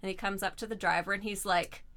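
A woman telling a personal story in a casual chat, animated and laughing often as she acts out voices. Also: mid-range voice, quick pace. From Canada.

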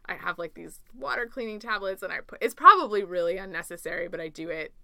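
A woman from Canada rambles through a casual chat, laughing at herself often. Her voice sits fairly low and sounds smooth and clear. Her tone is bright. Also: fast talker, dry recording, studio quality. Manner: giggly, rambling, self-deprecating.

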